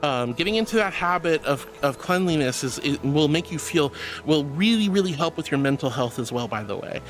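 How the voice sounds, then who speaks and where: A man's voice: on the high side, animated, a little fast, soft background music. A man streaming live, chatting casually and reading out chat messages, gushing and affectionate toward viewers. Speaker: VTuber streamer. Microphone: computer mic for a VR stream.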